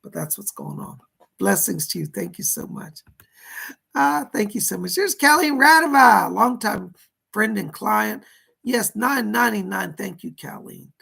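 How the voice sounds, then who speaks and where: Very animated and sharp in tone, a male psychic medium on a live stream talks at a normal speed in a high pitch. He reads viewer donations and questions aloud, channels spirit messages with plenty of "he said," and sounds hoarse, coughing now and then.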